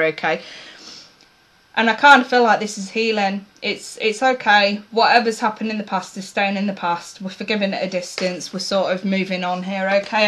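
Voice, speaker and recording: A woman giving a casual tarot reading to her viewers, blunt and swearing freely, her voice going a bit hoarse. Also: mid-range voice, fairly bright tone, rough recording. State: losing her voice, coughing. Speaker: tarot reader.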